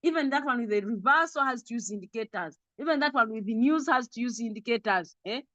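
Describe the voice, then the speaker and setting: A woman's voice: a little high, lively intonation, fast talker, a bit bright, dry recording, lo-fi sound. A woman with a Ugandan accent teaching an online trading class over a video call, repeating points and drilling lists. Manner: repetitive, drilling lists, chuckles often.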